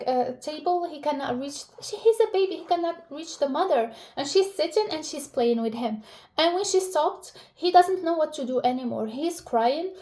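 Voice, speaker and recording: High-voiced chatty woman vlogger. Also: a little mellow. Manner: chatty, emotional, many fillers and restarts. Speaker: relationship vlogger. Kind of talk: casual personal talk to camera.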